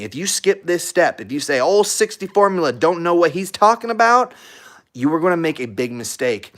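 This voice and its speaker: A young man hosting a husky channel, giving earnest, emphatic advice in a casual live Q&A with viewers and repeating himself for stress. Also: medium pitch, a bit bright.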